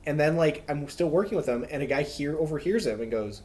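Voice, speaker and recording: A man's voice: on the high side, animated, brisk, hardly any pauses, darkish tone. Rambling young man chatting casually. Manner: rambling, filler-heavy storytelling with laughs. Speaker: podcast co-host. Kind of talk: casual chat.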